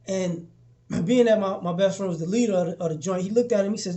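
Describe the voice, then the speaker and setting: A young man giving a casual motivational talk to his followers, preaching and repeating himself, often acting out little exchanges in a lower voice. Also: fast, warm tone. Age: young adult. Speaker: motivational vlogger.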